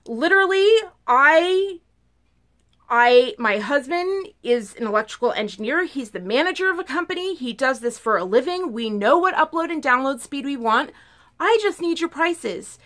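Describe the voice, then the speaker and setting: A woman's voice: high voice, lively intonation, moderate pace, fairly bright tone. A woman vlogger telling a story in a casual, emphatic way, full of "like". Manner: chatty, peppered with "like", emphatic.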